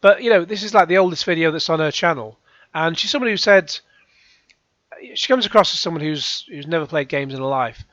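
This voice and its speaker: A man rambles through sarcastic video commentary, sighing and restarting as he goes. His voice sits a little high. The close recording is dry and slightly dull. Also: lively intonation, brisk, a bit bright, no echo. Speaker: YouTube reaction host.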